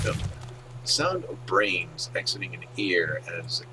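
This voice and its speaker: A man's voice: sits low, expressive, unhurried. A man commentates a game replay with a bouncy, up-and-down voice, rambling and poking fun at himself. His talk is casual and goofy, jumping between jokes and the play. A faint hum sits behind him. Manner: goofy, rambling, self-mocking.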